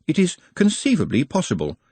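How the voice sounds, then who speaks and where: A man's voice: on the high side, wildly swooping pitch, a little fast, dark tone, husky, dry recording, voice pushed up, exaggerated voice. A man doing a formal, earnest goblin scholar. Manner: precise, formal, hesitant phrasing.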